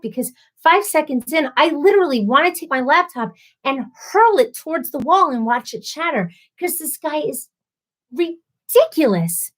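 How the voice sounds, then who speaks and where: A woman in her thirties hosting a casual live stream, ranting in an animated, exasperated way and acting out quoted voices. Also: sits high, brisk.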